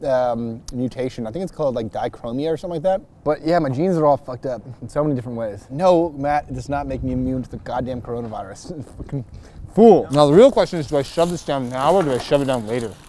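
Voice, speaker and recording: A man from Chicago chatting casually on a lapel mic outdoors, excitable and profane, with loud bursts and frequent laughs. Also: mid-range voice, fast, few pauses, a little hiss or hum. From Chicago, USA. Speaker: scooter rider interviewed on a filming day. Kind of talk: casual chat while filming. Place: outdoors on city streets.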